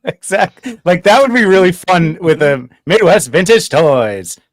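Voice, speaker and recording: Relaxed joking man, dry close sound. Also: high voice, unhurried, no echo. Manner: relaxed, joking, laughs often. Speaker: guest craftsman. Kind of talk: casual live-stream chat.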